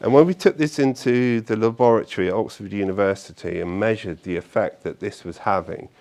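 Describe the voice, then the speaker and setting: A man speaking to an audience at a meetup, telling stories in a chatty, animated way with fillers and frequent tag questions. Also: on the low side, fairly quick. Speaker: conference speaker. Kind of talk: live talk to an audience. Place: meetup event room.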